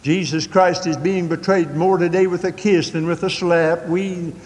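An older man preaching a sermon, telling folksy stories with dramatic swings from quick asides to slow, drawn-out emphasis. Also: steady tone, darkish tone, big-room sound. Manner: folksy storytelling with dramatic swings in pitch and pace.

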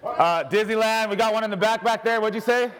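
A brisk, high-pitched man leads an interactive sermon activity at church. He's lively and joking, calling out to the crowd.

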